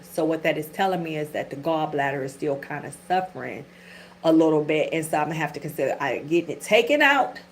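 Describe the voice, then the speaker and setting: A woman's voice: sits low, a little hiss or hum. A middle-aged woman hosting a tarot channel, chatting candidly and casually with her viewers, with frank swearing and everyday slang. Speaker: tarot reader and channel host. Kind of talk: casual livestream chat.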